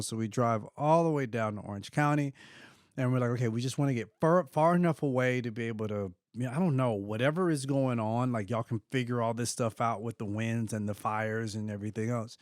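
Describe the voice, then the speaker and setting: Middle-aged male host, storytelling, lively, dry close mic. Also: medium pitch, fairly quick, dry recording. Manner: animated, acts out quoted voices with laughs. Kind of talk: personal storytelling.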